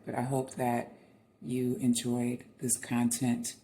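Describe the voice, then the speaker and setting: A man's voice: mid-range voice, monotone, slow, warm tone. A man hosting a reaction video, speaking heartfelt to viewers as friends and easily moved to tears. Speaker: channel host. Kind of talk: reaction commentary on video clips.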